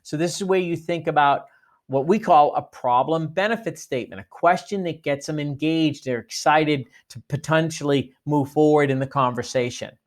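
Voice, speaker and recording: A man's voice: on the high side, normal speed. A man giving a sales training talk, coaching listeners and acting out sample phone greetings. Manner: coaching, demonstrates phone lines.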